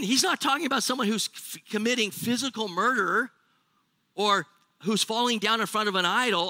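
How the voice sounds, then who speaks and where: A man's voice: high voice, bright, forceful tone, no echo. A man with an American accent preaching a sermon to his church, joking with the congregation and asking them questions. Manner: jokey, asks the crowd questions. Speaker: pastor.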